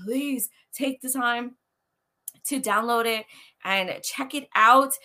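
Giddy, bright-voiced woman host. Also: a little high, slow pace. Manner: giddy, effusive, laughing often. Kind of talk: casual live interview. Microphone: video call.

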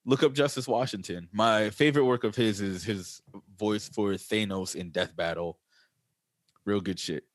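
A man's voice: on the low side, moderate pace, dry recording. A man co-hosting a podcast in a laid-back, joking manner, often breaking into laughter during casual banter. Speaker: podcast co-host. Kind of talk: casual chat.

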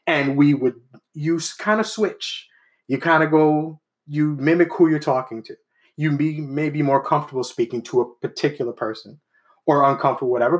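A man in casual conversation who tells stories from his own life and acts out the voices of the people he quotes. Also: fairly high pitch. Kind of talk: casual chat.

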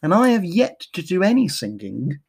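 A woman co-hosting a relaxed podcast, her voice sitting a little low for a woman. She rambles from one tangent to the next and keeps making fun of herself. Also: moderate pace, breathy edge. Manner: rambling, jokey, self-mocking banter. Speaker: podcast host. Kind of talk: casual chat.

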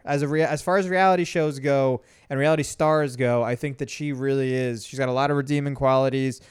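Chatty man with a smooth, dry voice. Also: mid-range voice, fairly even intonation, brisk, few pauses, no room sound. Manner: chatty, swears, frequent laughs and restarts. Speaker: podcast co-host. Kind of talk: casual chat.

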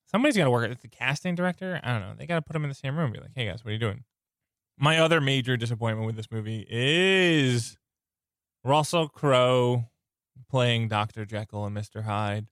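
Male podcast host, under the weather, strained voice, rambling and excited, dry close-mic sound. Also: mid-range voice, brisk, no echo. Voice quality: sounds like something in his mouth. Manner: rambling, enthusiastic, self-interrupting. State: sick, voice strained. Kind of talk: casual podcast chat.

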